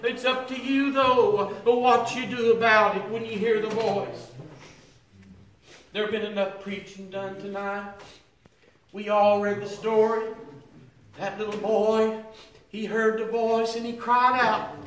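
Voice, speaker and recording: A man's voice: sits high, level tone, slow pace, pauses often, fairly bright tone. An older man preaching a sermon in a church, drawing out his words into a chanted, sing-song delivery that rises into song. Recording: echoey hall, voice from far off.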